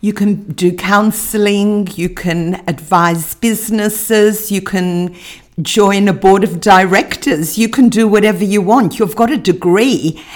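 Slow-talking young woman co-host. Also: mid-range voice, darkish tone. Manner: supportive, teasing interjections. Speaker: podcast co-host. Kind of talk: casual chat.

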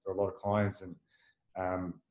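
A man's voice: low-pitched, completely flat delivery, moderate pace, a little mellow, echoey room, lo-fi sound. A man running a marketing agency, talking in a casual interview, rambling with fillers and restarts and tagging his points with "right?". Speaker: marketing agency owner, guest.

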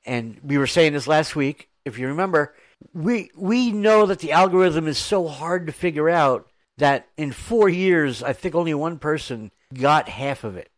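An American podcast host with a mid-range voice, telling stories with enthusiasm and plenty of quick asides. His voice sounds dry and close, with no room around it. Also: fairly high pitch, animated, no echo. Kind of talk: casual podcast chat.

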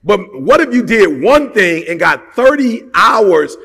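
High, gravelly man preaching with emphasis. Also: big pitch swings, slow, sharp tone. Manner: emphatic, fires rhetorical questions; slangy and conversational. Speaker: motivational speaker. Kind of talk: motivational talk to an audience. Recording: long hall reverb.

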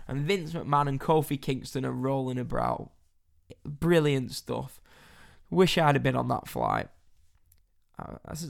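Chatty man with a gravelly voice. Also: a little high. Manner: chatty, wry, reading stories aloud. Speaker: wrestling news podcast host. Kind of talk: casual solo podcast chat.

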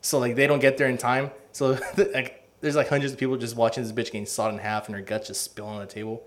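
A man's voice: mid-range voice, little pitch movement, quick pace. A man co-hosting a podcast, telling a long rambling story in casual chat, swearing freely and filling his talk with "like" and "uh". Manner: rambling, profane storytelling with lots of fillers. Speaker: podcast co-host.

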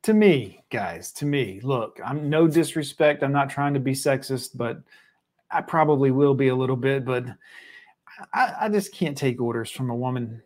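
A man's voice: mid-range voice, expressive, moderate pace, a little mellow. A man hosting a live stream, reacting bluntly and profanely to a clip and greeting viewers. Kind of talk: casual live stream commentary.

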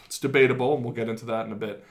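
A man at a middle pitch co-hosts a casual podcast. He explains things at length, with plenty of ums and uhs. He laughs easily. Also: steady tone, very fast. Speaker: podcast co-host.

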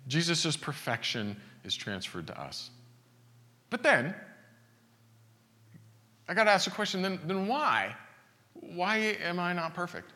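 A man's voice: a little high, pushed and bright. A man preaching a sermon in a conversational way, asking rhetorical questions and often restarting his sentences. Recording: reverberant hall.

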